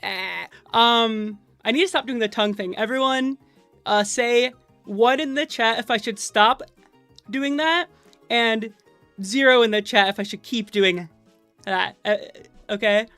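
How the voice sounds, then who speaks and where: A woman's voice: fairly high pitch, measured pace, fairly bright tone, no echo. A nervous woman streamer chatting casually to her viewers at her computer mic, rambling and joking at her own expense. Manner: rambling, playful and self-mocking, with many fillers and restarts. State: nervous, with stage fright. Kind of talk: casual live-stream chat. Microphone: desk microphone at a computer. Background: faint game music.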